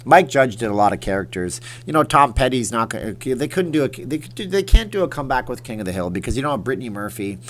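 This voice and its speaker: A man's voice: mid-range voice, sing-song, quick pace, few pauses, a little hiss or hum. A man hosting a casual late-night livestream, answering chat questions in a rambling, jokey way. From Las Vegas. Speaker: livestream host.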